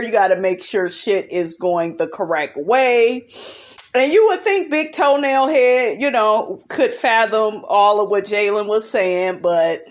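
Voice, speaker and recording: A brash, profane woman tears into a reality TV episode with blunt commentary. Her fairly high voice swoops up and down with lively, dramatic swings. She takes her time, drawing out her points and stretching her words for effect. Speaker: reality show recap vlogger.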